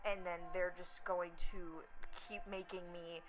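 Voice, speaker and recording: A young woman vlogging, telling a story in a blunt, profane, animated rant. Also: fairly low pitch, a little slow, poor audio. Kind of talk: casual rant to camera.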